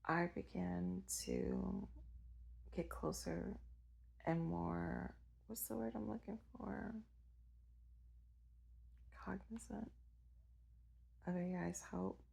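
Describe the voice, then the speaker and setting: A woman's voice: fairly low pitch, sing-song, slow, pauses often, a little mellow, poor audio. A woman telling a personal story in a rambling, hesitant way, stopping to search for words. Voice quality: gravelly, husky.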